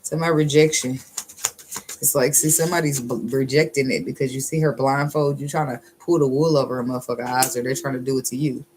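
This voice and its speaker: A woman's voice: a bass voice, steady tone, a little mellow, slight background noise. A woman giving a casual tarot reading in a blunt, sassy, profane way, laughing often and drawing out phrases for emphasis. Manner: drawls some phrases slowly for emphasis. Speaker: tarot reader.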